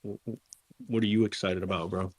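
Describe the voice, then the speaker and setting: A man's voice: low voice, steady tone, normal speed. A man hosting a live audio chat, talking casually and swearing freely. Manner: laid-back, swears a lot, says bro. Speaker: host.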